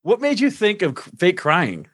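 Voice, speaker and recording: A man's voice: high-pitched, huge pitch swings, moderate pace, fairly bright tone, no echo, clean studio sound. A man hosting a podcast, chiming in with brief laughing reactions in casual chat.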